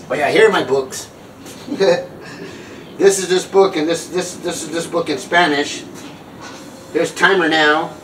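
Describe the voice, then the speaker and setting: A man's voice: fairly high pitch, fairly bright tone, reverberant, recorded from a distance, a little hiss or hum, low-quality recording. A man telling a funny story and preaching, acting out other people in squealing voices and laughing at his own jokes. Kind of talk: comic storytelling monologue.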